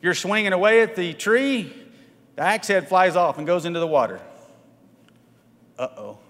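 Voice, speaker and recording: A man's voice: sits high, expressive, moderate pace, a bit bright, long reverb tail. A man preaching a midweek sermon to his congregation, conversational, often checking in with "right?" and asking for a show of hands. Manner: conversational, asks the congregation questions, frequent "right?" tags. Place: church sanctuary.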